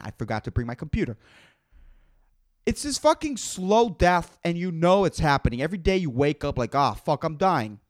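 Animated, swearing young man ranting. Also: fairly high pitch. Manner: profane, rambling, emphatic. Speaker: podcast host. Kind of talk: casual solo podcast rant.

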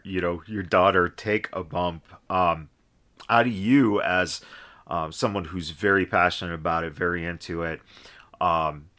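A man's voice: deep voice, bright, forceful tone. A man hosting a podcast interview, asking long rambling questions full of restarts. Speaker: podcast host. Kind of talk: casual interview chat.

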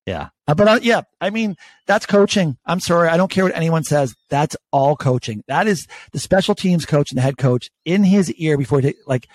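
Co-hosting a casual sports podcast, a man tells animated stories about his bets, swearing a lot. His voice is a little high, at a moderate pace with few pauses and no echo.

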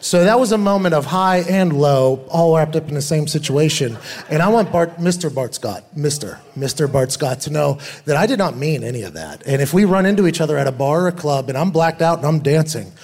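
Animated, profane storytelling man. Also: on the high side, a little fast, few pauses. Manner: animated, profane, acts out quoted voices. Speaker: guest, former football player. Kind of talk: casual storytelling.

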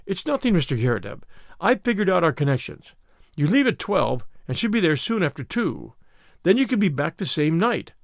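A man doing a brash lawyer who pushes and hustles, loud and emphatic. The voice jumps about in pitch with a gravelly rasp, heard close and dry. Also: sing-song, normal speed, dry recording. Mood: pushy. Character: brash, pushy male lawyer, loud and hurried.

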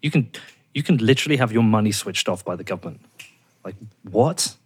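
His voice is slightly rough, expressive, and brisk as he hosts a podcast. Fired up and swearing freely, the man rants through a casual conversation, his voice leaping higher when he's worked up.

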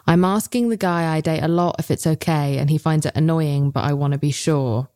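A woman's voice: low voice, a little fast, warm tone. A woman in her thirties co-hosting a casual chat, frank and swearing freely, telling stories with animation. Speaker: podcast co-host.

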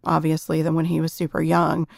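A woman's voice: sits low, completely flat delivery, fairly quick, vocal fry, a little mellow, no echo, clean studio sound. A middle-aged woman explaining parenting ideas earnestly in a casual chat.

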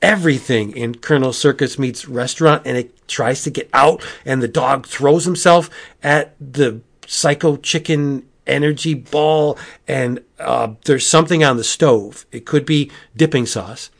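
Podcast host, male, mid-pitched, rambling and animated, full of asides. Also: measured pace, vocal fry. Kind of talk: casual comic book review.

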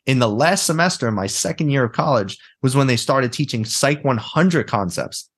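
A man's voice: medium pitch, expressive, normal speed, slightly rough. A man talking bluntly and animatedly as a guest in a casual interview, swearing freely. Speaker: guest, therapist and mindset coach.

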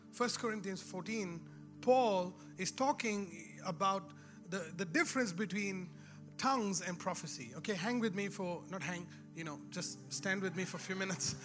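A man's voice: sits high, a little slow, over music. A man preaching a sermon in a church, in a conversational way with laughing asides, rising to emphatic exhortation. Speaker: pastor.

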